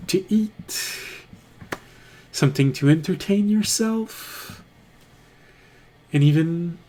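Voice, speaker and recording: A man voicing a sly male tavern keeper who makes a smooth sales pitch for shady goods. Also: dark tone, slight background noise. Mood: welcoming. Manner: chuckling, smooth salesman patter.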